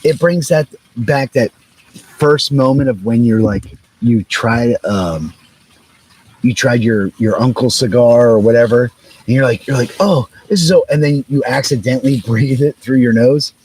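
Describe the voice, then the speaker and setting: A man's voice: medium pitch, measured pace, a little mellow, slightly rough, poor audio. A man co-hosting a casual chat, laid-back while smoking a cigar. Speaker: co-host.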